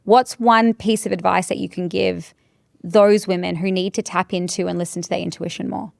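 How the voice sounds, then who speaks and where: A woman's voice: lowish voice, steady tone, normal speed, gravelly, a little mellow, dry recording, clean studio sound. A woman hosting a conversational interview about sales, earnest and emphatic, repeating her key phrases. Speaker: podcast host and sales coach.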